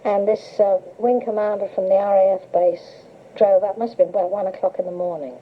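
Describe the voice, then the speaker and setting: An older woman's mid-range voice, fairly even in intonation and a little fast, comes through a hissing, tinny cassette tape. During an interview she reminisces casually, spinning stories and laughing frequently.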